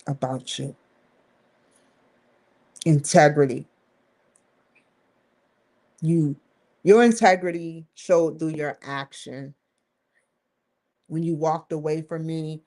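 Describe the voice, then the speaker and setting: A female vlogger's warm, low-sitting voice carries a rambling, frank monologue to the camera, punctuated by free swearing and heavy stress on key words.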